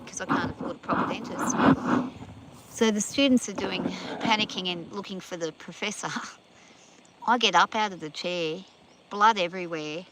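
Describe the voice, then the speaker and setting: A woman with a lowish voice, pushed and bright, chats casually on a farm, spinning rambling stories and talking to her horses. The recording is rough, made outdoors with background noise.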